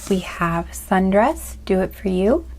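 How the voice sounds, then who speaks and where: A woman's voice: mid-range voice, animated, takes it slowly, creaky, darkish tone, slight background noise. A woman giving a casual tarot card reading, chatty and rambling, often apologizing and laughing at herself. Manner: rambling, apologetic, self-deprecating. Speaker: tarot reader.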